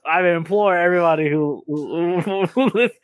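A man's voice: high voice, normal speed, dry recording. A man co-hosting a podcast, recapping a cartoon plot in casual narration, hesitant, with many restarts. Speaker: podcast co-host.

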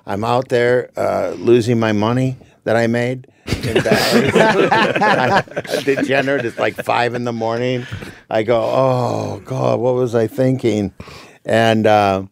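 A comedian telling a story in a casual conversation, playing every part of the dialogue himself. His voice has a gravelly edge. It sits at a middling pitch and is recorded dry and close. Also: measured pace, no room sound. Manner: animated, acts out dialogue in the story.

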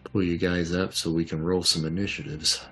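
A man with a very low voice narrates a tabletop role-playing game as its game master. He talks in an easygoing way, often pausing on filler sounds, while soft music plays underneath. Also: level tone.

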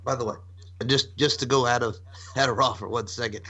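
Fast-talking guy ranting on a podcast, bright punchy voice. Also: mid-range voice, husky. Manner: fast, excitable, profane. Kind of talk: casual chat.

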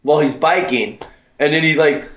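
A man's voice: fairly high pitch, moderate pace, fairly bright tone, reverberant. A man co-hosting a podcast, telling a long casual anecdote with lots of "uh" and "like". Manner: rambling anecdotes with many fillers. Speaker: podcast co-host. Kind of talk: casual chat, storytelling.

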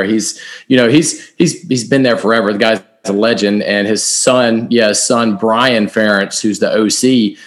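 A man hosting a sports podcast in casual chat, relaxed and conversational. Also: medium pitch, moderate pace, few pauses. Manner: relaxed, conversational, occasional restarts. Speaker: podcast host.

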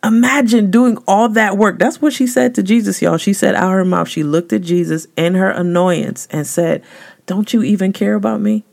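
A woman hosts a devotional talk in a mid-pitched voice. She speaks in a casual, slangy, conversational way. She leans hard on key words, and her pitch jumps up for emphasis. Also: normal speed, creaky, few pauses, darkish tone. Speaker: podcast host.

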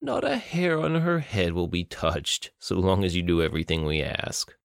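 A male audiobook narrator voicing a menacing, cruel male villain who taunts slowly. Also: sits low, big pitch swings, gravelly, dry recording, clean studio sound, exaggerated voice. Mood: threatening.

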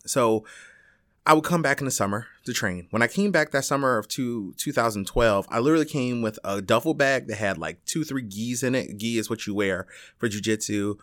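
A Chicago teacher, male, tells a personal story in a brisk, casual ramble packed with fillers, restarts and the occasional swear word. He's animated, voicing other people's lines with big leaps in pitch. The recording is dry and studio-clean.

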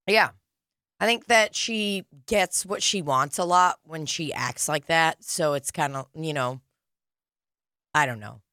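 Young woman, crude and jokey, bright low-ish voice, dry close mic, rambling podcast co-host. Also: takes it slowly, no room sound. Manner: crude, joking, rambling with lots of fillers. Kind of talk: casual chat.

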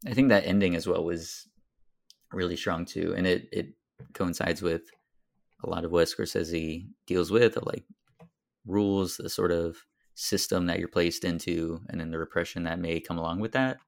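A man with a deep, gravelly voice talks through a film on a podcast. He pauses often and fills gaps with "um" and "like" as he works out his thoughts. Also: steady tone. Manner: thoughtful, hesitant, many fillers. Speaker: podcast co-host. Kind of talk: casual film discussion.

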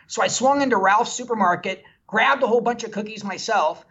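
A man's voice: high-pitched, fairly quick, hardly any pauses, fairly bright tone, muffled recording, slight background noise. A man, a film director, telling a candid, self-deprecating story from his career in a guest interview. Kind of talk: animated anecdotal storytelling.

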